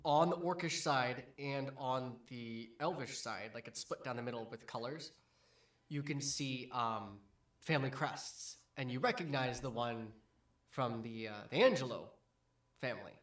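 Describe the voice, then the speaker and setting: Game master, male: slow, hesitant scene-setting narration for a tabletop game. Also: medium pitch, a bit bright. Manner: hesitant, many ums and restarts.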